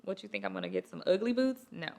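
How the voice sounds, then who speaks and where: A woman hosting a casual chat show, talking in an animated, chatty and playful way. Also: fairly low pitch, quick pace, creaky. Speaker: host.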